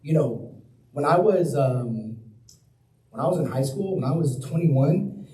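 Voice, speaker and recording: A man's voice: mid-range voice, mellow, slight background noise. A young man giving a public talk as a guest speaker, telling his own story in a casual, conversational way. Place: planetarium lecture hall. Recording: roomy hall, mic at a distance.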